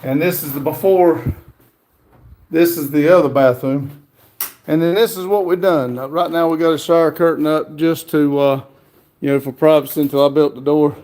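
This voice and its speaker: A man co-hosting a casual livestream, talking quietly and haltingly while showing his building work. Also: a little high, steady tone. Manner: soft-spoken, halting, many fillers.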